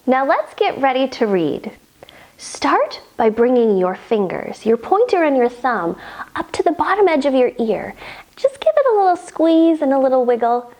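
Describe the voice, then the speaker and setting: A woman's voice: sits high, darkish tone. A young adult woman teaching a children's yoga lesson, giving cheerful sing-song instructions with rhymes and animal sounds.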